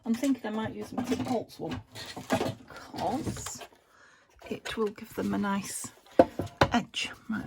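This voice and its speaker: Heavy background noise surrounds a woman from the UK whose voice is on the high side and creaky. She chats casually to camera about her crafts, thinking aloud as she works and sometimes half-whispering.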